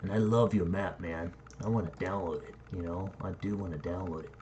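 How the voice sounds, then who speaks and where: A man's voice: low-pitched, steady tone, fairly quick, mellow, a little hiss or hum, close to an everyday voice. A man doing an eager gamer pleading for a download.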